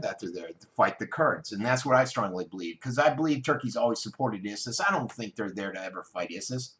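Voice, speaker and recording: American guy ranting about the news, bright voice, kinda rambly, fixes his words a lot. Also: medium pitch. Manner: opinionated, rambling, self-correcting. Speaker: news commentator. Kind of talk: casual online news commentary.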